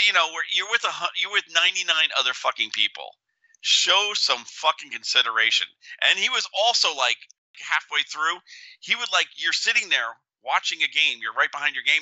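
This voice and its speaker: A man co-hosting a podcast, telling stories in a lively way, swearing freely and laughing often. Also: fairly high pitch, no echo, lo-fi sound. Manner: animated storyteller, swears a lot, laughs often. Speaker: podcast co-host. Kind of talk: casual podcast chat.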